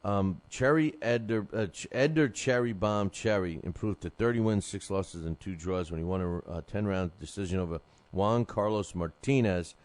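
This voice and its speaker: A man's voice: lowish voice, normal speed, a little mellow, dry recording. A man hosting a boxing show, rambling through results with many fillers, his throat sore from a cough drop. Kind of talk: casual live show chat.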